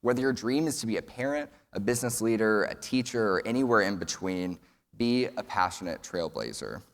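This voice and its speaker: A man's voice: fairly low pitch, animated, brisk. A young man from Texas, giving an earnest prepared speech at a summit and telling a folksy joke. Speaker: student speaker. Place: large event hall. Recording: long hall reverb.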